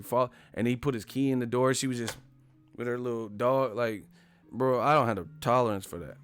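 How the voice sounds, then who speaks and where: Profane, animated male live-stream host. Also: medium pitch, fairly quick, clean tone, faint music behind. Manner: casual, profane, animated retelling with quoted voices. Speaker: boxing channel host.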